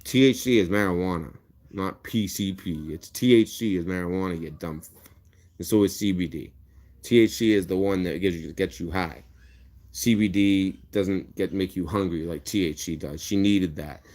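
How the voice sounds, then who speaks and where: A man's voice: low-pitched, normal speed, darkish tone. Furious, profane male livestreamer. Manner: heated, profane, threatening, repetitive. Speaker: livestream host. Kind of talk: angry livestream rant.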